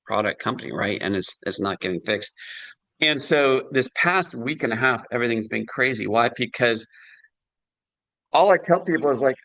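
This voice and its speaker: A man's voice: mid-range voice, sharp tone, no echo, low-quality recording. A middle-aged man giving a chatty sales presentation on a video call, full of fillers and "right?" tag questions.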